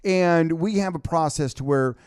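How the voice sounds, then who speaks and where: Animated middle-aged male co-host. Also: a little high, moderate pace, clear, resonant tone, dry recording. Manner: animated storyteller, acts out quotes. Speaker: co-host, business coach. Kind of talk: casual radio talk show. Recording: dry studio sound.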